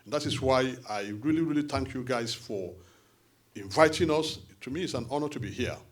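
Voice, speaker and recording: A man with a Nigerian accent addresses a forum meeting in an animated, conversational way, with quick asides. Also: mid-range voice. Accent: Nigerian English. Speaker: diaspora party official addressing a support forum.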